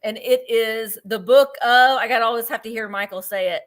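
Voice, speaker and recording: Hosting a live vintage sale, a woman chats casually, laughs easily, and describes every item in detail for the live-stream audience. Her voice is on the high side and her pace fairly quick.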